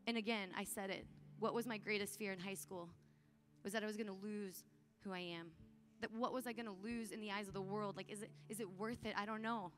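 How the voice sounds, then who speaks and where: Woman, youth conference speaker; earnest, conversational, pleading, middle pitch. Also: steady tone, a little fast. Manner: earnest, casual phrasing with frequent "like"; urgent, encouraging appeals to the audience. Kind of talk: youth conference talk and prayer.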